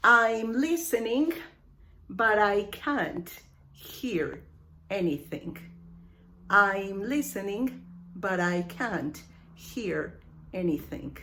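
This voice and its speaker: A woman teaches English at a very slow, careful pace. She says each phrase deliberately and repeats it so her learners can follow. Her pitch sits in an ordinary middle range. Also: animated, pushed and bright, a little hiss or hum. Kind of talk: online English lesson.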